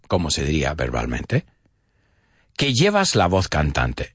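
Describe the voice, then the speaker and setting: A man hosting a live-streamed English lesson in a playful, animated way, switching between English and Spanish. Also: a bass voice, moderate pace, slightly rough, no room sound, studio quality. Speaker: host.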